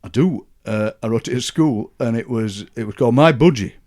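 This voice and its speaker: Speaking briskly at a medium pitch with a darkish tone, a sixty-something Yorkshireman with a Barnsley accent shares anecdotes as a guest poet. His storytelling is conversational and chatty, punctuated by chuckles.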